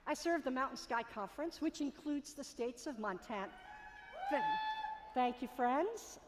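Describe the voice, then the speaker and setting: A woman with a high voice preaches a sermon. She builds her points in a rhythmic, repetitive cadence. Her words ring out with the long reverb of a large meeting hall. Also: animated, a little slow, slight background noise.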